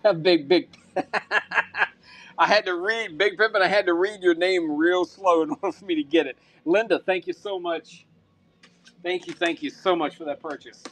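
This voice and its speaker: A man's voice: on the high side, lively intonation, a little slow, long pauses, a bit bright, no room sound. A man hosting a live-stream auction, upbeat and thanking buyers by name, sometimes muttering to himself as he handles items.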